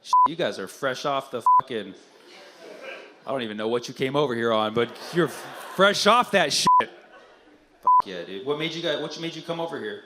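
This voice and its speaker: A man's voice: medium pitch, fairly quick, long pauses, very noisy. A man doing stand-up crowd work at a live comedy show, bantering brashly and profanely with the audience.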